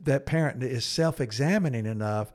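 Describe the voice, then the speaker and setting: A middle-aged man co-hosting a podcast, telling a counseling story in an earnest, halting way and acting out quoted speech in a low, hushed voice. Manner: earnest, halting, with frequent restarts and fillers. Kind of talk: conversational storytelling.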